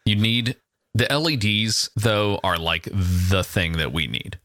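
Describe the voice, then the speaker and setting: A man co-hosts a relaxed podcast, rambling through jokes with a dry delivery. His low voice is bright and edgy, and his pitch moves a lot. The sound is close and dry. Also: slow, dry recording. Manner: rambling, deadpan riffing with many restarts. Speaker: podcast co-host. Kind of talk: casual comedic chat.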